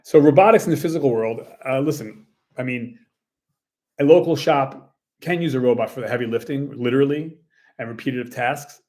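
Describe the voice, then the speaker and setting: A man in a mid-range voice talks casually to camera about running a small business. He rambles and leans on fillers, often slipping into quick acted-out quotes of what people say. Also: medium pitch, dark tone. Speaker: small business owner and tennis coach.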